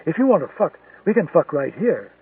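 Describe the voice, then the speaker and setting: A man's voice: on the high side, sing-song, fairly quick, husky, heavily acted. Man voicing a frightened, defiant woman fugitive. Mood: frightened pleading. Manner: pleading, insisting denial. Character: frightened, defiant woman, former militant under cover. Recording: tinny, distant, dry lo-fi recording.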